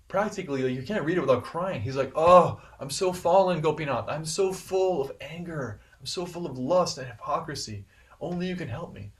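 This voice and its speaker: A man giving a devotional scripture class in an earnest, animated way, repeating phrases for emphasis. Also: mid-range voice, distant mic.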